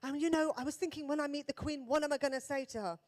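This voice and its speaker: A woman comedian with a Birmingham accent doing a stand-up set, chatty and self-deprecating, with quick asides to the audience. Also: sits high, steady tone, a little mellow. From England.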